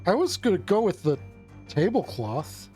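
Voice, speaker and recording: Mężczyzna, streamer, swobodnie komentuje grę, gada z wahaniem i wtrąceniami, wysokim głosem, a w tle cicho gra muzyka. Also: male voice, high-pitched, normal speed, soft background music. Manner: chatty, hesitant with fillers. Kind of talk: casual let's-play commentary.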